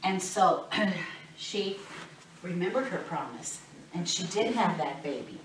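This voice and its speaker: A woman teaching children, telling a Bible story in an animated, expressive way and asking the kids questions. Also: fairly low pitch, takes it slowly. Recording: roomy, distant mic, faint noise.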